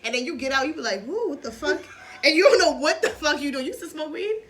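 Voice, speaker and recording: High bright lady talkin real fast, loud laughy stories, swears a lot. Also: a little hiss or hum. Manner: animated, profane storytelling with laughs. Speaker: podcast co-host. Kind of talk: casual chat.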